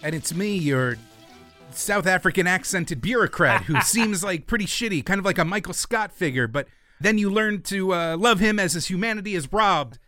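High, bright-voiced joking man. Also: expressive, moderate pace, no echo, clean studio sound, faint music behind. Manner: joking, laughs while talking. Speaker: podcast co-host. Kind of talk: casual chat.

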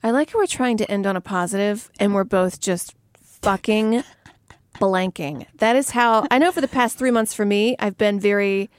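A woman's voice: mid-range voice, moderate pace, no echo. A woman co-hosting a podcast, chatting casually in a reflective, candid way with the odd swear word. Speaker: podcast co-host. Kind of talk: casual chat.

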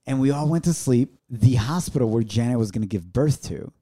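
A man co-hosting a podcast, telling a family story in casual chat, in words and acting out quotes in a high, excited voice. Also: fairly quick. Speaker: podcast co-host.

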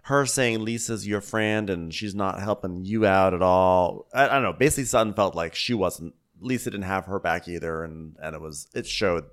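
A man's voice: low-pitched, moderate pace, few pauses, fairly bright tone. A man co-hosting a casual recap podcast, acting out the people he retells in raised voices. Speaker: podcast co-host.

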